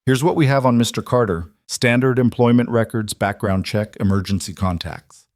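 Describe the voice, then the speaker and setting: A man's voice: medium pitch, moderate pace, darkish tone, no echo, clean studio sound, natural voice. A man voicing a polite, careful female executive assistant who speaks formally and deferentially.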